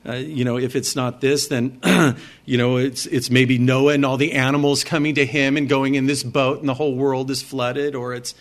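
A man preaching a sermon, talking earnestly and conversationally as he explains the passage. His voice sits at an ordinary male pitch. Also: level tone, normal speed. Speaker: pastor.

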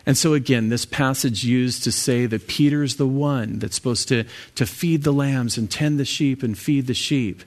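A man's voice: medium pitch, moderate pace, few pauses. A man leading an evening Bible study as pastor, talking through scripture in a conversational way with fillers and restarts.

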